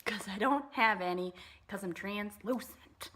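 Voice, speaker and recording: A woman's voice: medium pitch, a little slow, fairly bright tone, a little hiss or hum. A woman vlogger chatting casually through a makeup tutorial, bubbly and full of fillers, sometimes dropping into whispered asides. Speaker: beauty vlogger.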